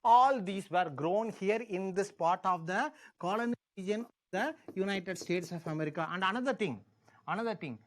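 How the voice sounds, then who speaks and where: A man's voice: high-pitched, moderate pace. A man with an Indian English accent giving an exam-prep history lecture, repeating key words and asking the class questions as he teaches.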